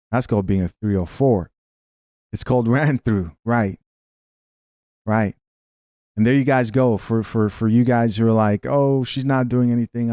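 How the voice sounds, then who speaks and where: A man's voice: fairly low pitch, warm tone, no room sound, studio quality. A man hosting a reaction video, giving opinionated casual commentary and reading viewer comments aloud.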